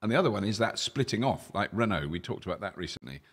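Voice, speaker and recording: A man with a very deep, husky voice, hosting a casual chat at a kitchen table. He talks fast and thinks aloud, backing up to restart his sentences. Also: sing-song. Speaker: host.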